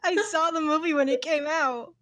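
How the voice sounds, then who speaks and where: High-voiced woman in casual podcast chat. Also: fairly even intonation, moderate pace, a bit bright. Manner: laughing storyteller, swears freely. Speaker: podcast co-host.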